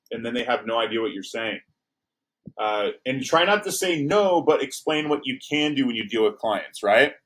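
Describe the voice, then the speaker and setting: A man's voice: medium pitch, a bit bright, rough recording. A man giving a staff training talk as a corporate trainer, coaching and acting out sample client exchanges, checking in with "okay?" and "right?".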